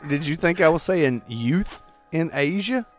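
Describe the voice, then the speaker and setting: A man's voice: fairly high pitch, lively intonation, measured pace, faint music behind. A man co-hosting a podcast, swearing freely as he retells a movie plot in casual chat. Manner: profane, keeps retelling the plot. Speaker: podcast co-host.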